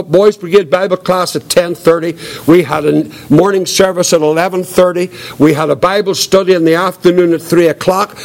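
An older man giving his testimony as a preacher, earnest and reflective, with a quiet voice. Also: a little high. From Northern Ireland. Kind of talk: testimony sermon.

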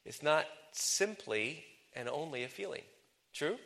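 A male preacher with a bright, forceful tone delivers a lively sermon. He jokes with the congregation and swings his pitch and loudness widely for emphasis. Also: a little slow, creaky, big-room sound, a little hiss or hum. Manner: animated and joking, with wide swings in pitch and loudness.

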